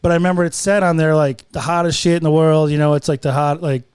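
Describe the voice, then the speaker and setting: Comedian guy rattling off crude stories fast, high voice, dry studio sound. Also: fairly even intonation, a little mellow, clear, resonant tone, no room sound. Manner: rambling, profane, acts out quoted voices. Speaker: guest comedian. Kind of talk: casual podcast storytelling. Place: podcast studio.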